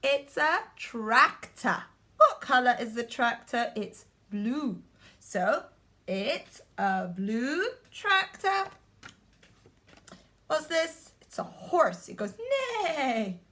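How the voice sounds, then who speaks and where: A woman teacher giving a remote vocabulary lesson to young children, talking slowly with repeated, encouraging prompts. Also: a little high, animated, bright, forceful tone. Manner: slow, repetitive, encouraging prompts.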